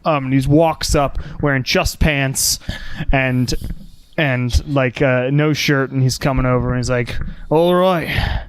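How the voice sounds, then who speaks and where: A man's voice: mid-range voice, fairly even intonation, measured pace, slight background noise. A man narrating a tabletop game as game master, rambling with many fillers.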